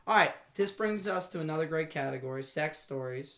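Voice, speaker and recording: A man's voice: a little high, a little fast, a little hiss or hum. A man hosting a podcast in casual chat, joking and swearing freely. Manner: joking, profane, animated. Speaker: podcast host.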